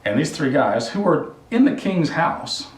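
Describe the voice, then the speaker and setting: A man's voice: fairly high pitch, very animated, a little slow. Rambling man in an echoey workspace. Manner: rambling, jokey asides. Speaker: home repair video host. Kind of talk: casual storytelling and DIY instruction. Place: work area during a water heater install. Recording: echoey room, mic at a distance.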